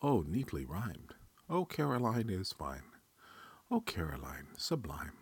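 A man's voice: on the low side, sing-song, a little slow, breathy edge, no room sound, pitched above the performer's own voice, heavily acted. A man voicing Mephistopheles, a sly, playful devil who teases in sing-song rhymes for a storybook reading. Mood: teasing sing-song.

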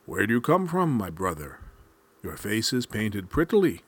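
A man's voice: on the low side, sing-song, normal speed, slightly rough. A man voicing a big, gullible male grizzly bear in a spoken folk tale, eager and naive.

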